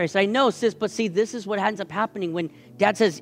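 A man with a high voice preaches to his congregation, animatedly acting out a family story. Quiet music plays faintly behind him. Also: fast, few pauses. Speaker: pastor. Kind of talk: sermon.

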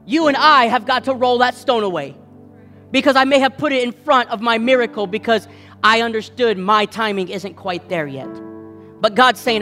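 A man preaches a sermon with a high, lifted voice. He drives his points home through repetition and switches into the voices of the people he quotes. His words ring out in a reverberant hall over faint background music. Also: moderate pace, bright, forceful tone. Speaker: pastor.

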